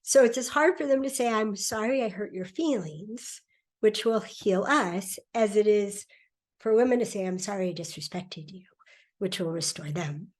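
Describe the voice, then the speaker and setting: A middle-aged woman speaking as a podcast guest in a relaxed conversation, animated and laughing often as she acts out quoted voices. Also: mid-range voice, moderate pace. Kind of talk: conversational interview.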